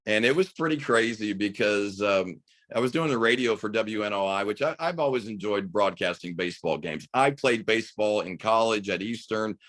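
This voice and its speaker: A middle-aged man from the United States, a high school basketball coach and radio broadcaster, telling a story with enthusiasm in a podcast interview. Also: lively intonation, moderate pace, a bit bright, dry recording.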